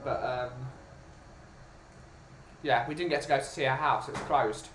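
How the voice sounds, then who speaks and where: A man's voice: medium pitch, moderate pace, fairly bright tone. A man from the UK chatting casually as a podcast host, rambling and restarting his sentences. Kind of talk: casual chat. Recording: roomy with music behind.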